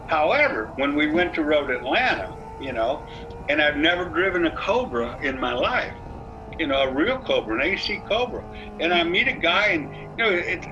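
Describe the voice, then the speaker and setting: An older man, telling racing stories in an animated, folksy way over a video call. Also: fairly high pitch, highs cut off. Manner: animated, folksy storyteller, colorful cursing. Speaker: racing driver guest.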